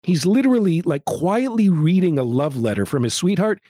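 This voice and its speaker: A man co-hosting a casual podcast, telling the story of a movie with dry, wandering asides. His voice sits a little high and moves lively up and down. The sound is close and dry, with no room around it. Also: moderate pace, no room sound. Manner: wry, meandering storytelling with dry jokes. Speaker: podcast co-host.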